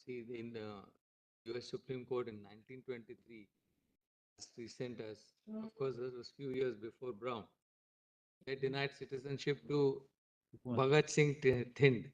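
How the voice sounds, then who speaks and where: Distant, dull-sounding Indian judge. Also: male voice, medium pitch, steady tone, normal speed. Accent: Indian English. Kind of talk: remarks from the bench.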